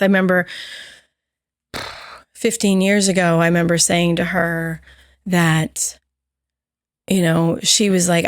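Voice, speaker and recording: A podcast co-host, a woman with a voice on the low side, tells a candid personal story and brings quoted dialogue to life with animated voices. There's no room sound, and the recording is studio quality.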